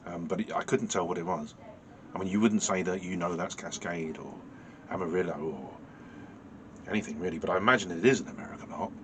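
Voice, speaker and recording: A man with a very low voice talks through a beer review, dry and understated, stopping often to hum and search for words. A steady hiss of noise sits clearly behind him. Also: a little fast. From United Kingdom. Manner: dry, understated, musing with many fillers and self-corrections. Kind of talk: casual beer review vlog.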